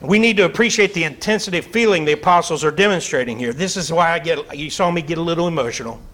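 Male pastor, high-pitched, fiery conversational sermon delivery in a church. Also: fast, fairly bright tone. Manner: fiery, conversational preaching with asides and laughs. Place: church sanctuary.

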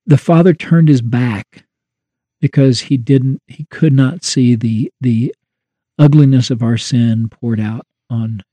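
A man's voice: medium pitch, slow, dark tone, dry recording. A man co-hosting a Christian talk show, explaining theology in a thoughtful, conversational way. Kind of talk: Christian radio discussion.

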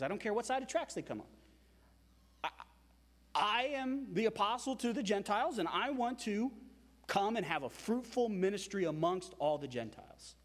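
A man preaching a sermon as pastor, emphatic and animated, with frequent repetitions. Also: high voice, in a large hall.

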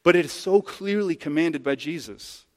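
A man's voice: on the high side, moderate pace, darkish tone, in a large hall. A man preaching a sermon as pastor in a conversational, emphatic way, using hypothetical examples. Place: church sanctuary.

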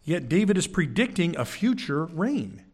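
A man preaching in a church, teaching from scripture with emphatic, animated delivery and frequent check-ins with the congregation. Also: fairly high pitch, normal speed, breathy edge. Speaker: pastor. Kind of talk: sermon. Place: church sanctuary.

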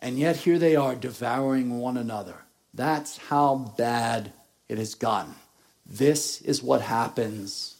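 A man preaching a sermon, reading scripture and explaining it slowly and deliberately, rising in force at times. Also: medium pitch, a little mellow. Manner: slow, deliberate preaching, rising in intensity at points. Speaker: pastor.

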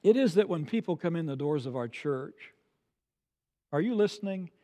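An older man preaching a sermon as pastor, swinging from soft low asides to loud emphatic peaks. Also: lively intonation, moderate pace, long reverb tail. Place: church sanctuary.

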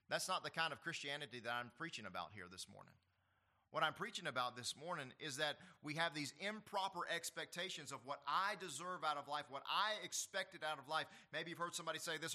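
A man preaching a morning sermon with a high, very bright voice. He swings from raised, urgent passages down to near-hushed asides, and he acts out the people he quotes. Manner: preaching with dramatic swings between loud and soft. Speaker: pastor.

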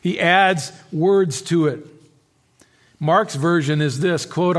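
A man preaching an expository sermon, swinging between hushed, quiet stretches and emphatic, raised passages, with halting restarts and repeated words. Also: a little high. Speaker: pastor.

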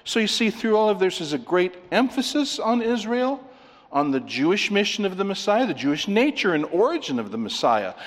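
A man's voice: sits high, big pitch swings, a little fast. A man preaching an expository sermon, emphatic as he walks listeners through scripture references. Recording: long reverb of a large hall.

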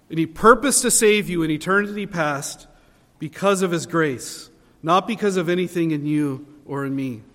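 A man with a high voice delivers an earnest sermon from the pulpit. He presses his key phrases with rising emphasis. His words carry a long reverb through a church sanctuary. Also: a bit bright. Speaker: pastor.

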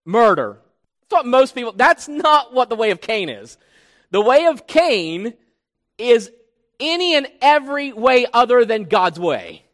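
A man's voice: very high voice, sing-song, unhurried, a bit bright. A man preaching an expository sermon in a church, emphatic and teacherly, putting questions to the congregation. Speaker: pastor. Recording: long hall reverb.

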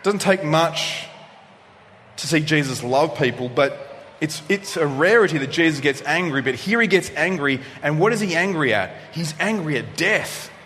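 Guy preaching a sermon, kinda high voice, big echoey hall sound, goes loud then real quiet. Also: moderate pace. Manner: expressive preaching, swings from loud to hushed. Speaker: pastor. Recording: long reverb of a hall, faint noise.

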